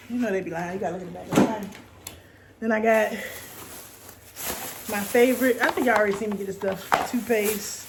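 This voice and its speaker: A woman's voice: medium pitch, noisy background. Chatty woman vlogging at home. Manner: chatty, talks to viewers as "y'all", curses casually. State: out of breath. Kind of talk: casual chat to camera.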